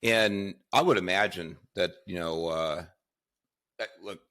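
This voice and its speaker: A man's voice: deep voice, measured pace, a bit bright. A man hosting a casual talk show, opinionated and sarcastic, rambling with frequent restarts. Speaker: podcast host.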